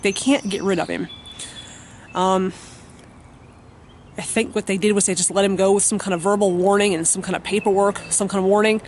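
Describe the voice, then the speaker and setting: A woman's voice: mid-range voice, slight background noise. Blunt, foul-mouthed woman vlogging at home. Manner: blunt and profane, many fillers. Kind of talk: casual storytelling to camera.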